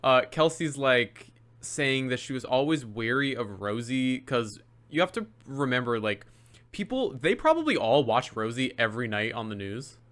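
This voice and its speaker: A man co-hosting a casual podcast, gossiping with animated energy and putting on voices for the people he quotes. His tone is bright and forceful, in a middle pitch. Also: moderate pace. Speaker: podcast co-host. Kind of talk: casual chat.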